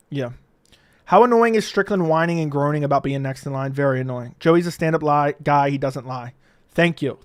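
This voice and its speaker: A man hosting a casual livestream, telling stories in a profane, animated way into a studio mic. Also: mid-range voice. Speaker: livestream host.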